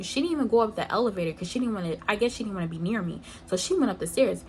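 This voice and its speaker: Animated young woman telling a story. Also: fast. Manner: animated storytelling, acting out quoted lines with sharp pitch jumps. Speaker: vlogger. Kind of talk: storytime vlog.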